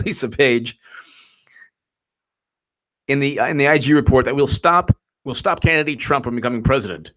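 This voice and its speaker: Guy ranting on a livestream, sarcastic and rambling, average pitch, mocks people in silly voices. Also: animated, moderate pace, a bit bright. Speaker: political commentator. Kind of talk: livestreamed commentary.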